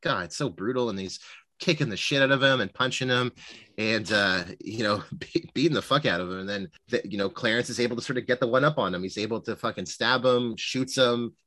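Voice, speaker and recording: A man co-hosting a podcast, chatting casually about a movie, swearing freely and animated. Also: medium pitch, brisk, no echo. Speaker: podcast co-host.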